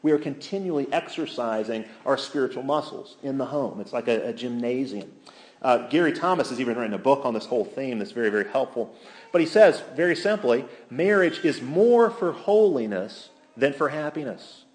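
A man preaching a sermon to a week-long gathering, earnest and emphatic, slowing down to stress key phrases and quoting scripture and authors aloud. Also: medium pitch, animated, a little mellow.

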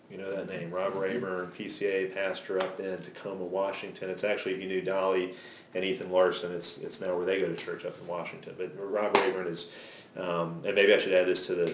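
Deep-voiced man teaching in an echoey room. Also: a little hiss or hum. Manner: conversational, often checks in with "okay?". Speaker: teacher of a church class. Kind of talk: Bible study lecture. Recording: echoey room, faint background ambience.

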